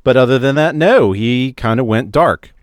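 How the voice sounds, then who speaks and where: A man's voice: mid-range voice, animated, moderate pace, no room sound, studio quality. A man co-hosting a podcast, blunt and wisecracking in casual chat. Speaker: podcast co-host.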